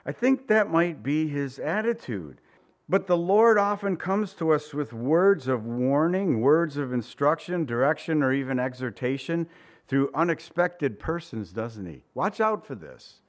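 Conversational preacher man, lively delivery. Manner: conversational, asks the congregation questions; acts out quoted voices with big pitch swings. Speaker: pastor. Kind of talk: sermon.

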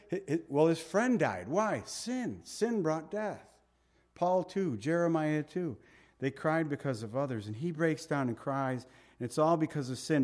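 A man preaching a verse-by-verse Bible sermon, retelling the story with animated, conversational storytelling and slowing down to read scripture aloud. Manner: animated storytelling, reads scripture slowly, drops low for emphasis. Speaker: pastor.

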